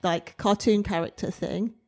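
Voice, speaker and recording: A woman's voice: mid-range voice, steady tone, a little slow, darkish tone, soft background music. A woman with a British accent co-hosting a podcast, teasing and blunt in casual chat. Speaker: podcast co-host.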